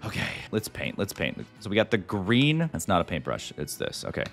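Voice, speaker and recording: A man giving excitable gameplay commentary as the host, talking to himself and to viewers and calling everyone "dude". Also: low-pitched, a little fast, gravelly, soft background music. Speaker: gaming video host.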